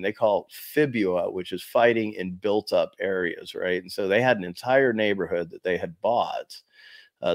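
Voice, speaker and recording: A man in his fifties from the United States, a former Marine, casually telling animated stories to camera with lots of "you know". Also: lowish voice, no room sound. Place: small room before a green screen.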